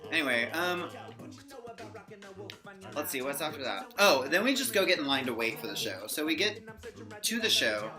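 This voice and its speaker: A young woman excitedly telling a fan story in a casual vlog, gushing and giggly. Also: sits low, moderate pace, long pauses. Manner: gushing fangirl, giggly, animated quoting. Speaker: vlogger. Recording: music playing behind.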